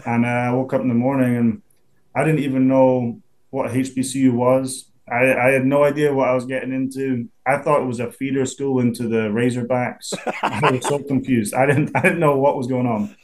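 A man in his twenties with a Scottish accent, a pro football punter chatting in an interview, relaxed and quick to laugh. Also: medium pitch. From Scotland. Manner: laid-back, chatty, laughs easily, many restarts. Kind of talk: casual interview.

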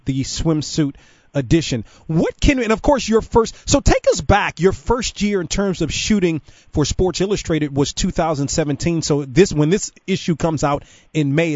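A man's voice: a little high, a little mellow, no room sound, dull audio. Rambling male radio host. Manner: rambling, restarting questions. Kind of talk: radio interview.

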